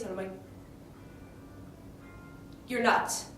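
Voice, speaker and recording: Speaking slowly with long pauses, a woman in a mid-range, fairly even voice acts out a play in character, her casual retelling thick with "like" and "you know." Music runs underneath, and the echoey room leaves her sounding distant from the microphone.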